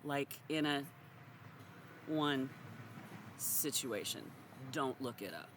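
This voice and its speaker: A woman's voice: very deep voice, slow pace, noisy background. A woman giving a blunt, sarcastic, profane monologue to her audience. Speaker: social commentator. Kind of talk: direct-to-camera monologue.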